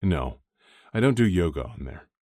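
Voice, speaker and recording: A man doing an eager, earnest young hockey player in an audiobook. The voice comes from a very deep base but lifts a little and sounds sincere and open. The sound is dry and close. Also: big pitch swings, moderate pace, mellow, no echo. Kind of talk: audiobook character voice.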